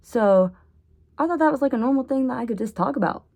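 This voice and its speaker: A woman rambling in a casual vlog monologue at home, oversharing and jumping between topics with sudden loud bursts. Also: on the high side, animated, fast talker, vocal fry. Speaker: vlogger.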